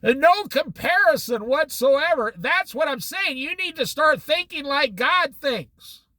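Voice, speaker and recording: Man, very high voice, slow and lively, Bible study teacher, acts out dialogues. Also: no room sound. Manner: animated, acts out little dialogues. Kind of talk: casual Bible study talk. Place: Oregon coast.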